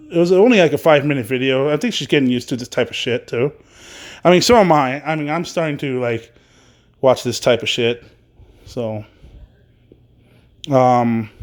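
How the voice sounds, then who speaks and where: A man with a fairly high voice hosts a solo wrestling podcast. He talks casually and loosely, circles back on his words, fills gaps with ums and uhs, and swears now and then. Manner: rambling, repetitive, with frequent fillers and casual swearing.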